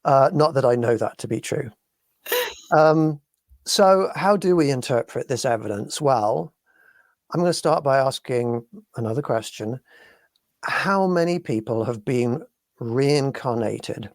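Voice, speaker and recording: A male co-host talks through a live stream, choosing his words slowly and filling the gaps with ums and restarts. His voice sits in an ordinary middle pitch. The sound is dry and close, with no room around it. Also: lively intonation, dry recording. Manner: deliberate, hesitant with many fillers. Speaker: podcast co-host.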